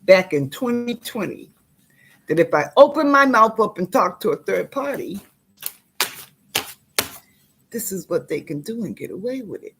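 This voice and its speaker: A woman's voice: mid-range voice, big pitch swings, normal speed, fairly bright tone, a little hiss or hum. A woman vlogging to her viewers, reading old letters aloud and reacting with indignation while she sorts through papers. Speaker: YouTuber.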